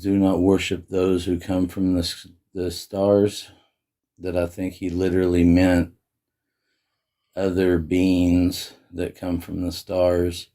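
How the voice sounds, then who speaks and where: Deep, slow, flat-voiced man. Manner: slow, measured, repeats "I believe". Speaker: livestream guest. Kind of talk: casual chat.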